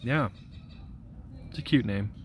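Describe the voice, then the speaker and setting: A young man rambles and jokes through a casual live vlog, reading out chat messages. He speaks slowly in a middle-pitched voice, with a faint outdoor hum behind him. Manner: rambling, joking, goofy. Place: outdoors in a park.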